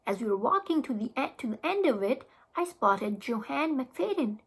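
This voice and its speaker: Woman teacher, read-aloud narrator, high breathy voice, expressive. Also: normal speed, low-quality recording. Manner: expressive storytelling with small restarts. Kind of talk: children's book read-aloud.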